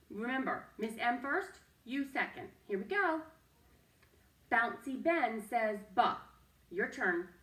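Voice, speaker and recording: A woman teacher with a slightly high, fairly bright voice leads young children through an early-reading phonics lesson, patient and sing-song as she coaxes them to repeat after her. The sound is roomy, from a distant mic.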